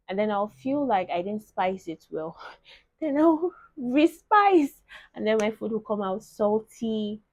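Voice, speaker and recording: A woman's voice: mid-range voice, darkish tone, dry recording. A young woman, chatting animatedly to her viewers in a casual vlog. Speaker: vlogger. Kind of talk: casual chat to camera.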